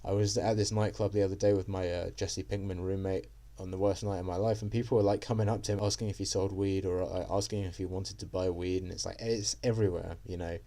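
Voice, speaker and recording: Low, dark-voiced young man rambling. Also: little pitch movement, quick pace, hardly any pauses. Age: young adult. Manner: rambling and self-deprecating, with many fillers. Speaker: vlogger. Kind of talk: casual monologue.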